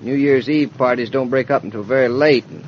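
An actor in 1940s radio acting, playing a gently teasing young husband who speaks in a dry, wry, soothing way. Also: male voice, mid-range voice, fairly quick, natural voice. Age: young adult. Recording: dull old radio transcription.

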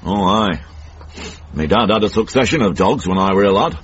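Cranky old northern bloke, deep and gruff, lo-fi old radio play. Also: male voice, expressive, normal speed, fairly bright tone, a little hiss or hum. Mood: grumbling. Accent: Northern English. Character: grumpy old northern man, blunt and cantankerous. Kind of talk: radio comedy drama. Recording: dull old radio broadcast.

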